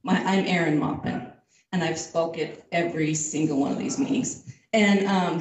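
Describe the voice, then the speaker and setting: A woman's voice: fairly high pitch, a little hiss or hum. Impassioned woman in an echoey hall. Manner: emphatic, repetitive, rising to indignant. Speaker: resident speaking at a community meeting. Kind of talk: impassioned public comment. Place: large community meeting hall. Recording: echoey hall recorded from far off.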